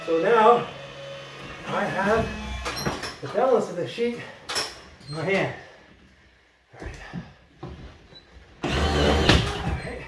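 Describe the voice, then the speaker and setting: High-voiced man in his fifties, joking tutorial. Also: expressive, slow pace, pauses often. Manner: talks to himself and viewers while working, joking. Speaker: drywall installer. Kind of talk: chatty work-along tutorial. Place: bare room under construction. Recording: echoey room, far from the mic, loud work noise.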